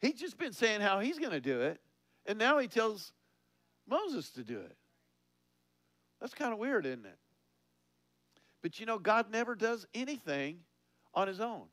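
A man preaching a conversational sermon, laughing often and asking his listeners questions, rising in pitch and volume on key points. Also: big pitch swings, measured pace, long pauses, a bit bright, no echo.

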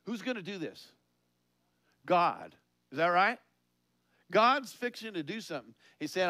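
A man preaching a conversational sermon, laughing often and asking his listeners questions, rising in pitch and volume on key points. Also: very animated, a little slow, pauses often, bright, forceful tone, no room sound.

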